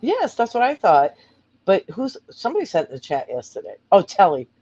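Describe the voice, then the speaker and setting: A man with a Massachusetts accent in casual banter, chatty and quick to laugh. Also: sits high, huge pitch swings, a little mellow, no echo. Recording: dull lo-fi sound.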